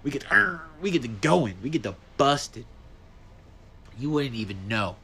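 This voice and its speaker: A man hosting his own podcast, ranting in a casual, profane, animated way, his voice jumping high when he gets worked up. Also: unhurried, slightly rough. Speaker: podcast host. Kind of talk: solo casual podcast rant.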